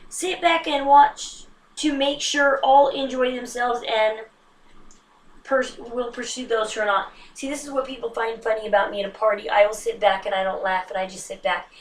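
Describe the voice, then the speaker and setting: A woman chatting casually to camera, self-mocking and animated, with sudden hushed asides. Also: on the high side, normal speed, distant mic. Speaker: vlogger. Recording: roomy echo, slightly off-mic.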